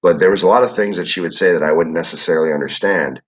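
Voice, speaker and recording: A young man from Michigan, hosting a casual livestream and reading the chat. He talks in a rambling, relaxed way, with lots of filler words and swearing. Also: deep voice, fast. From Michigan, USA. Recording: dull lo-fi audio.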